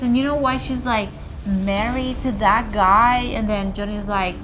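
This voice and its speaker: A woman's voice: medium pitch, steady tone, a little slow, over music. A young woman retelling a play casually and profanely, packing her speech with "like" fillers. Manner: valley-girl filler talk with constant "like". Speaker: storyteller.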